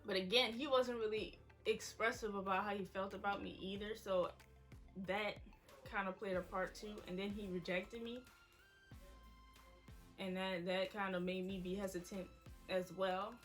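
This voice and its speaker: A woman's voice: medium pitch, fairly even intonation, moderate pace. Young woman vlogging a story time, chatty and candid, faint music behind. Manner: candid, chatty, addresses viewers directly. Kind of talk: emotional story time to viewers.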